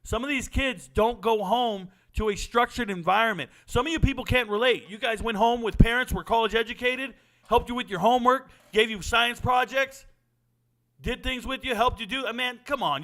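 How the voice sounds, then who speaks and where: A man's voice: very high-pitched, moderate pace, pushed and bright. A man, giving a blunt, profane monologue as a sports talk host. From Southern California. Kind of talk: impassioned monologue.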